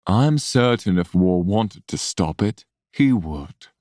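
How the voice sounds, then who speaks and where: A woman voicing a smug, menacing man who speaks straight into others' minds, in a slow, low, teasing drawl, with a dry sound close to the mic. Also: lively intonation, warm tone, no room sound, full character voice.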